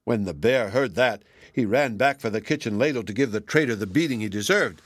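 A man reading a fairy tale aloud as narrator, steady and measured. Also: medium pitch, no room sound, clean studio sound. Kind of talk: storybook reading.

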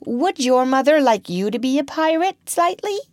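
A woman's voice: sits high, expressive, moderate pace, a little mellow, no room sound, pitched above the performer's own voice. A woman voicing earnest, defiant young boys in a storybook reading. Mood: eager.

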